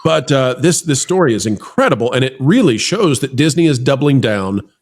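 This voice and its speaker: A man hosting a casual news commentary show, talking in an animated, teasing way and exclaiming often. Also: medium pitch, normal speed. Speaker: show host. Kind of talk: casual political commentary chat.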